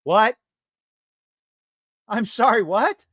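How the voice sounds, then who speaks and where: A man hosts a live-stream podcast in a fed-up, profane rant. His voice sits a little high, and the sound is dry and close with no room echo. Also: expressive, a little slow, a bit bright. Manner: profane, exasperated ranting. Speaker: podcast host.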